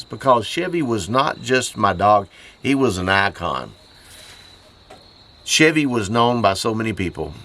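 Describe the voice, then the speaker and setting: Choked up from grief, a man records a personal vlog for his homestead channel outside on an Appalachian mountain farm. He speaks haltingly, pausing and repeating himself, his hoarse voice dropped lower than usual yet sing-song and sharp in tone.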